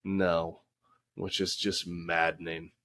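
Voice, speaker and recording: A man in his thirties chatting casually as a podcast co-host, telling animated stories and acting out his kids' lines. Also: low voice, slow pace. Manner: animated storyteller, acts out his kids' voices. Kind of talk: casual chat.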